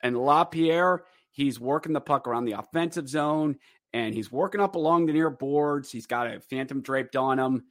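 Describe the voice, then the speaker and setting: A man hosting a podcast, giving a rambling, animated casual recap of a hockey game. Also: medium pitch, normal speed, dry recording, studio quality. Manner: rambling and animated, breaks into acted quotes. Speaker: podcast host.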